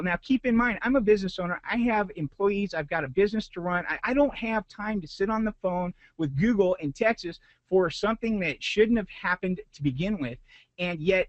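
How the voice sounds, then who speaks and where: A man's voice: high-pitched, no echo, highs cut off. A man, a business owner, giving a motivational talk to a group, retelling a frustrating story with rising intensity.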